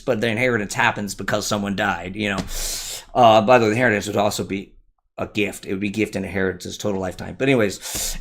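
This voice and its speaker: A man hosting a solo livestream, explaining a point as he thinks aloud, with frequent asides and restarts. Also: on the low side. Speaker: livestream host.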